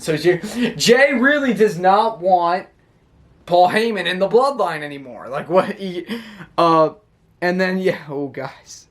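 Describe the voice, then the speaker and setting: This YouTuber covers wrestling shows in a relaxed recap straight to the camera. He's young and high-voiced, chatting eagerly and breaking into laughter easily.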